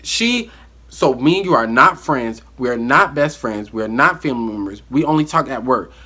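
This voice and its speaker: A man telling a story from his life in a casual vlog monologue, animated and acting out the dialogue. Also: medium pitch, normal speed.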